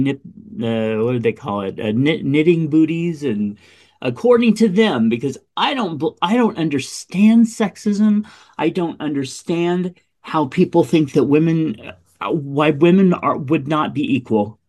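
A man co-hosting a casual political chat, talking in an animated, exasperated way and swearing freely. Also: on the high side, measured pace.

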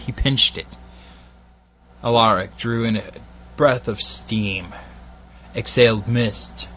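Slow Glaswegian man reading a story. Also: medium pitch, a bit bright, a little hiss or hum. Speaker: narrator.

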